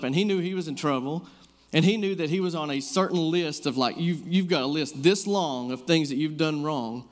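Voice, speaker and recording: Man preaching in a casual storytelling way. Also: fairly high pitch. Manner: conversational, storytelling, many fillers like "like". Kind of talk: casual sermon with personal stories.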